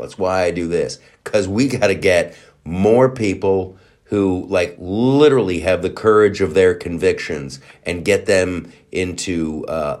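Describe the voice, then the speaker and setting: A male podcast host delivering an indignant, profanity-laced political monologue, with frequent restarts and fillers. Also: low voice.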